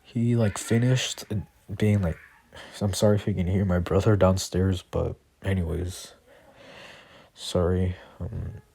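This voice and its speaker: A man's voice: deep voice, steady tone, slow pace, gravelly, warm tone, husky. A man at home improvising a fan story, rambling, with many fillers and self-corrections. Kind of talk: improvised fan-fiction narration.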